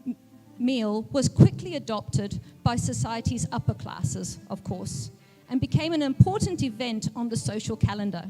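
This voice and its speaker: A woman's voice: on the high side, warm tone. A woman raised in Central Africa with a mixed British, southern African and New Zealand accent, giving a chatty, self-deprecating speech at an event with a touch of put-on poshness. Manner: chatty, self-deprecating, mock-posh delivery. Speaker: guest speaker. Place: event hall with music. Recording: music playing faintly behind.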